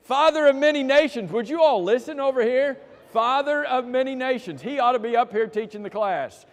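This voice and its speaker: A man's voice: very high voice, lively intonation, a little fast, in a large hall. A man leading a church class through quiz questions, joking with the people who answer and calling on them by name. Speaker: Bible class teacher.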